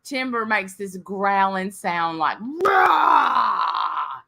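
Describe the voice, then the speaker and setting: A woman hosting a casual chat, telling a story with energy and loudly acting out what people said. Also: mid-range voice, a little slow. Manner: animated, acts out quoted voices loudly. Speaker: host.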